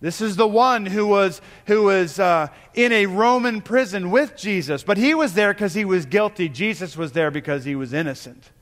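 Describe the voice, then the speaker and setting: A male pastor preaching a sermon in a church, earnest, pausing and restarting as he builds to emphatic calls. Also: high voice, a bit bright, in a large hall. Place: church sanctuary.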